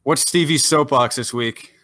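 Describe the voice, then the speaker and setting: Male podcast co-host, bright voice, joking, profane banter, casual delivery. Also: mid-range voice. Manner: joking, profane, quick to tease. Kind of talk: casual chat.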